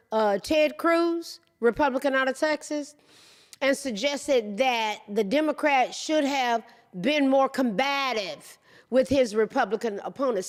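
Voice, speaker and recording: A middle-aged woman with a high-pitched voice hosts a podcast, speaking slowly and deliberately. She delivers an emphatic opinion monologue, repeating her points for weight and calling out to the listeners directly. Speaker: podcast host.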